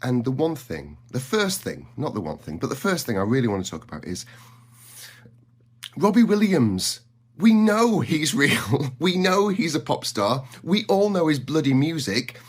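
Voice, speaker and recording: A man's voice: a little high, very animated, normal speed, husky. A man ranting casually to camera, chatty and exasperated, with some swearing. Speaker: content creator. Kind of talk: casual vlog rant.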